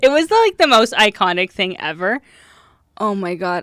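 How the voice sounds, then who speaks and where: A woman's voice: medium pitch, very animated, normal speed, a bit bright, no room sound. A young woman co-hosting a casual podcast, telling stories with lots of giggling. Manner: giggly storytelling, laughs a lot. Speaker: podcast co-host. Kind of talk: casual chat.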